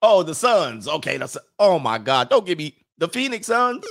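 A man's voice: fairly high pitch, very animated, normal speed, creaky, fairly bright tone. Blunt, mocking man ranting casually. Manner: blunt, mocking, argumentative, slangy. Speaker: commentary host reading viewer comments. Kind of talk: opinionated reaction commentary.

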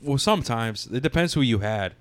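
A man's voice: mid-range voice, lively intonation, a little fast. A young man in a casual chat with friends, slangy and laid-back, swearing freely. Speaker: podcast co-host.

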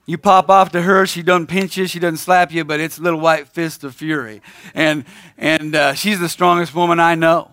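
A man's voice: fairly high pitch, dry recording, clean studio sound. Impassioned man preaching to men. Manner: impassioned, preachy, swings between loud challenges and hushed pauses. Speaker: guest speaker at a men's gathering. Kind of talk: sermon.

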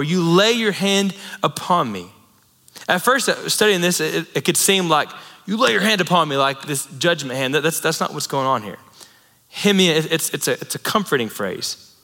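Bright-voiced male pastor in reverberant hall. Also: fairly high pitch, lively intonation, moderate pace. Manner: conversational, storytelling with asides and laughs. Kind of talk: sermon. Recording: long reverb in a large hall.

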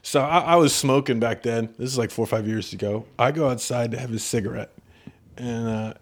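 A man who is a stand-up comic telling a story on a podcast, animated and profane, laughing often. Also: medium pitch, a little fast.

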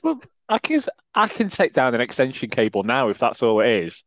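A man co-hosting a podcast in casual chat, quick-witted and self-mocking, laughing often. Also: medium pitch, wildly swooping pitch, a bit bright, no echo, highs cut off. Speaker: podcast co-host.

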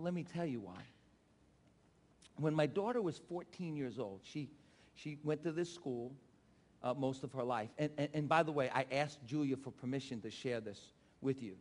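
A middle-aged man preaching a sermon, telling a personal story in an animated way and shouting out quoted voices. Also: medium pitch. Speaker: pastor. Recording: long hall reverb.

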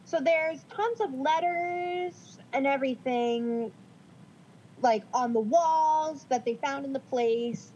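High-pitched woman podcasting, chatty and giggly, kinda muffled mic with a low hum. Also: takes it slowly, dark tone. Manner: chatty, giggly, self-deprecating. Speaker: podcast co-host. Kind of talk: casual podcast chat, reading notes.

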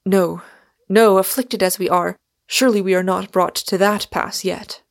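A woman reading aloud, voicing a tender, dejected older father with a soft, sorrowful manner. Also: mid-range voice, steady tone, unhurried, vocal fry, no echo, clean studio sound.

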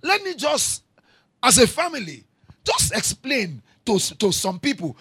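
A man preaching a sermon, repeating his lines, moving from quiet storytelling to shouting. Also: very high voice, huge pitch swings, measured pace, slightly rough, no room sound. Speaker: pastor.

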